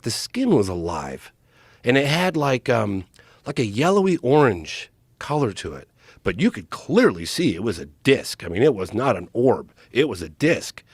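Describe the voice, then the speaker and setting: A man telling a story on a podcast in an excited, animated way, with quoted lines in his telling. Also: mid-range voice, husky, no echo. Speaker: podcast guest. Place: podcast studio. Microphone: studio mic, close.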